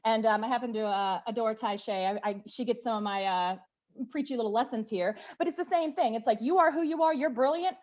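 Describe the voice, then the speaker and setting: A middle-aged woman from the southern United States tells stories emphatically during a panel discussion, animatedly acting out what others said to her in quoted voices. Her voice is a little high and a little fast, with lo-fi sound.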